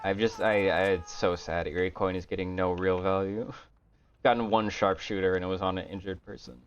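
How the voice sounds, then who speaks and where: A man streaming a game, talking to himself in a low-energy, grumbling way and swearing often. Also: steady tone, fairly quick, a little hiss or hum. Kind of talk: casual gameplay commentary. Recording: dull lo-fi stream audio.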